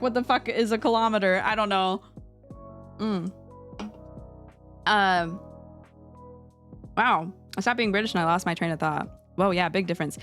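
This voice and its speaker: A woman's voice: mid-range voice, moderate pace, long pauses, fairly bright tone, faint music behind. A woman streamer talking casually and playfully as she critiques her own art, poking fun at herself. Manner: chatty, playful, self-deprecating. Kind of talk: casual live-stream commentary.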